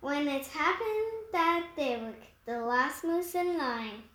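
A woman reading a rhyming picture book aloud, slowly and carefully, with small stumbles. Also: high voice, expressive, sharp tone. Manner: slow, careful read-aloud pace with occasional stumbles. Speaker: storyteller. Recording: echoey room.

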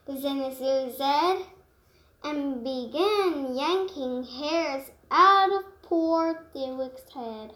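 A woman reading a rhyming picture book aloud, slowly and carefully, with small stumbles. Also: high-pitched, pushed and bright. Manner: slow, careful read-aloud pace with occasional stumbles. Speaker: storyteller. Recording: echoey room.

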